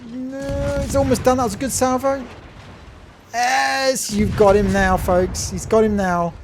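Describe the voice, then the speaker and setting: A man giving excitable play-by-play commentary over a naval battle game replay, cheering his teammate on and talking to viewers as folks. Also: extremely high pitch, a little slow, background noise. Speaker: gaming channel host.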